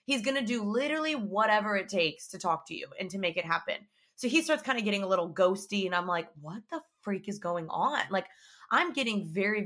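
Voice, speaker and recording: Young woman, bright voice, chatty storyteller full of "like"s. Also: mid-range voice. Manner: chatty, animated, lots of "like" and acted-out quotes. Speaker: vlogger. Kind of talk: casual storytelling.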